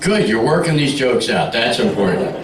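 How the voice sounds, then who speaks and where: A man's voice: medium pitch, lively intonation, moderate pace, reverberant, far from the mic, very noisy. A man doing stand-up comedy on a club stage, teasing the audience with brash, bawdy crowd work.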